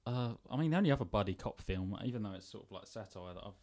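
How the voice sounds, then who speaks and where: A man's voice: lowish voice, expressive, quick pace, a little mellow. A man co-hosting a casual film podcast, rambling and self-deprecating, swearing casually. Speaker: podcast co-host. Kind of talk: casual film review chat.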